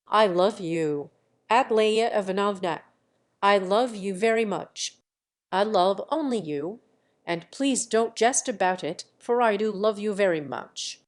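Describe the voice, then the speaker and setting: A woman's voice: mid-range voice, lightly acted. A woman reading a flustered, timid young prince. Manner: hesitant, halting.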